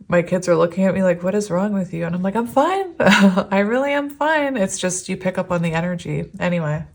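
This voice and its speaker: Speaking with a fairly low, somewhat mellow voice, a tarot reader in her thirties gives a casual reading to the camera. Her talk is rambling and affectionate, punctuated by frequent giggles, and her voice turns teary as though she might cry.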